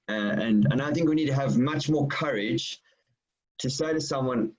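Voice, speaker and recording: A man's voice: medium pitch, moderate pace, a little mellow. A middle-aged Australian man speaking earnestly on a webinar panel, often repeating his words. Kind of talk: casual discussion. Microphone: video call. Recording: muffled lo-fi video call audio.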